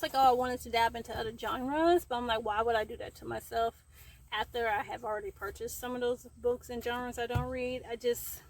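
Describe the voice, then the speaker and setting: A woman's voice: fairly high pitch, rough recording. Chatty woman, a bit breathless. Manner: chatty, rambling with fillers and laughs. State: out of breath from heat. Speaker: book vlogger. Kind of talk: casual chat. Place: outdoors in the heat. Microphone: camera framing herself.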